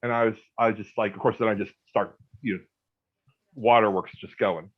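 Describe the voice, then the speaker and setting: The recording has phone-quality sound as a man in his thirties, fairly low-pitched with fairly even intonation, casually recounts his own ghost story at a normal speed. He wanders, restarts, repeats himself, and leans heavily on "like."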